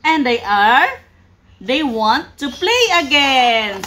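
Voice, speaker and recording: A woman using slow, sing-song baby talk as she coaxes a toddler through words and counting. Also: sits high, lively intonation, bright, forceful tone, a little hiss or hum. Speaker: parent teaching a toddler.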